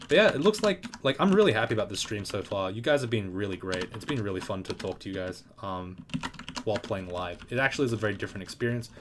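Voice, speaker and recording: A man's voice: on the low side, animated, fast, noisy background. Young man streaming, keyboard clatter. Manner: casual, swearing, mock trash talk. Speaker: game streamer. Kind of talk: live gameplay commentary. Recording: loud keyboard clicks and typing.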